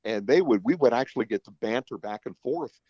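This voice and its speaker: Male radio newsman guest, low mellow voice, expressive delivery, dull lo-fi line. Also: brisk, husky, dry recording. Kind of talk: casual interview chat.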